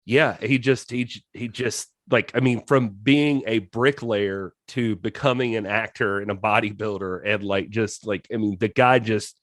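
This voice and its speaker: A man's voice: fairly low pitch, steady tone, moderate pace, hardly any pauses, a bit bright, no room sound, clean studio sound. A man co-hosting a casual film podcast, telling stories in a rambling way with many fillers and restarts. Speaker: podcast co-host. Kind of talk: casual chat.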